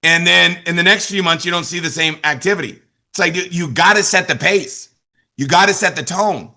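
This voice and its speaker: A man's voice: high voice, a little fast, pushed and bright. A man in his forties giving a motivational business training talk, emphatic and repetitive, often checking in with his listeners. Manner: emphatic, repeats key lines, asks "you understand?". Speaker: network marketing trainer.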